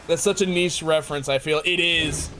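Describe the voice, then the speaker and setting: A man streaming a game live, chatting casually with his viewers, excitable and laughing often. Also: a little high, moderate pace, slight background noise. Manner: excitable, laughs often, talks to chat by name. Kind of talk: casual live-stream chat while playing.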